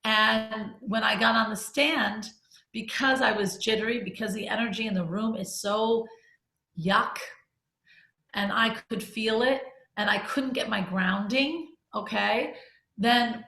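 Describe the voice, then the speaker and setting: A woman's voice: on the high side, a little slow, sharp tone. Candid storytelling woman, echoey room. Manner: candid, conversational, with restarts and laughs. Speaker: group discussion leader. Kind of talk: personal storytelling in a group talk.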